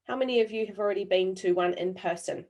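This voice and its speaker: A woman from New Zealand whose accent has softened over years abroad, presenting an online training webinar. She talks deliberately with frequent pauses and keeps putting questions to the audience in the chat. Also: medium pitch, creaky. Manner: engaging, quizzes the audience through the chat.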